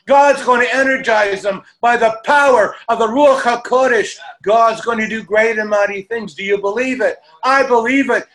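High-voiced man preaching with fervor. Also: fairly bright tone. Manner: fervent preaching with repeated praise calls. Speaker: pastor. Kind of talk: sermon.

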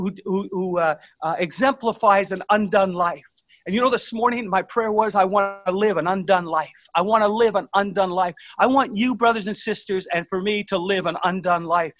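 A man with a high, fairly bright voice preaches an earnest sermon, recorded dry. He tells stories to his congregation but stumbles often, halting and restarting his sentences.

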